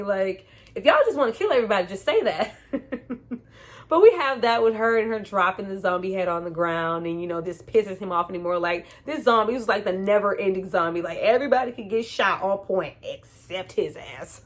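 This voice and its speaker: A woman's voice: mid-range voice, brisk. A woman casually reviewing a movie, slangy and frank, laughing often and acting out characters' lines in voices. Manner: animated, acts out characters' lines in funny voices.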